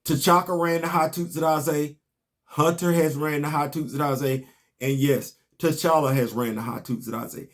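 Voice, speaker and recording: A man's voice: on the high side, measured pace. A man, casually recapping a comic book and telling stories on his podcast. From Southern US. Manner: animated, storytelling, rising to emphatic outbursts.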